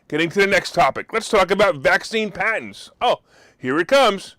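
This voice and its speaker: A man hosting a live market talk show, his voice high and swooping all over the place. He talks with sarcasm and bursts into loud mock outrage, close to a desk mic in a dry, dead room. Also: lively intonation, normal speed, no room sound. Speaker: host. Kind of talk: opinionated market commentary.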